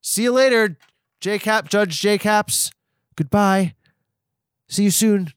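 A man's voice: high voice, takes it slowly, smooth, no echo, clean studio sound, voice pushed up. A man putting on a cowboy voice, a folksy drawling judge saying his farewells in a comedy sketch.

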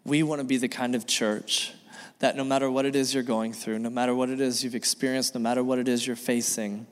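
A man's voice: medium pitch, level tone, a little fast, clear, resonant tone. A male pastor giving an earnest sermon, repeating key phrases and acting out bits of dialogue. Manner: earnest, repetitive preaching with acted dialogue. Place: church sanctuary. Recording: long reverb of a church hall.

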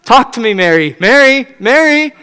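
A man's voice: very high-pitched, very animated, moderate pace, bright, forceful tone, smooth, long reverb tail, voice pushed up, heavily acted. A man voicing an apologetic husband who pleads and keeps repeating his wife's name. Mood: pleading.

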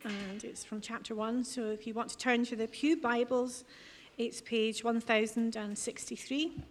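A woman reading a Bible passage aloud in church, plain and measured. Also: a little high, steady tone. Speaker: scripture reader. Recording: reverberant church with faint noise.

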